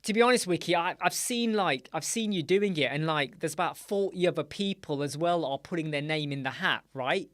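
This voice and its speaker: A man hosting a casual live-stream chat show, answering viewers in an animated, chatty way with many fillers and asides. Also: on the high side, a little fast, hardly any pauses, no room sound, clean studio sound. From United Kingdom. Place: small dark room with sound panels.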